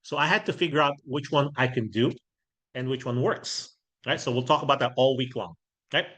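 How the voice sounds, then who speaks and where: A man's voice: medium pitch, a little fast, a bit bright. A middle-aged man teaching a workshop, talking casually and often checking in with "right?" while he acts out sample doorstep lines. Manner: conversational, keeps checking in with "right?". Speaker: real estate trainer.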